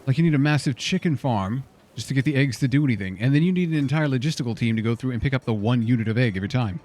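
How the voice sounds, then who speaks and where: A man's voice: mid-range voice, expressive, racing, darkish tone. A man streaming a game, chatting casually and muttering exasperated questions to himself as he plays. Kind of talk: casual gameplay commentary.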